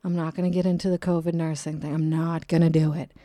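A woman talks into a close podcast microphone in a casual solo chat, her voice a touch lower than most and dry, with no room sound around it. She swings up and down, dropping into soft whispers and bouncing back with jokey asides. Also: little pitch movement, quick pace, no echo. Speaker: podcast host.

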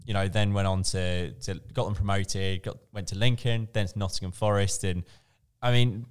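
A man's voice: fairly low pitch, level tone, moderate pace, clear, resonant tone. A man co-hosting a podcast, chatting casually and rambling with fillers and restarts. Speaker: podcast co-host. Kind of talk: casual chat.

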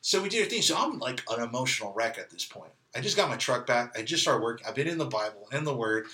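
A man from California tells his personal story in a loose, candid way, his sentences strung together with "like" and "you know." His tone is strikingly bright and forceful, with an edge of tension. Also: medium pitch, lively intonation, fast talker. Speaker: interview guest sharing testimony. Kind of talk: casual storytelling.

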